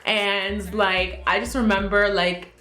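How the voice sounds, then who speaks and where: A young woman vlogger telling a storytime tale in a chatty, animated way, often laughing and acting out what people said. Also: medium pitch, slow. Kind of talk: casual storytime. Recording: roomy room, faint music.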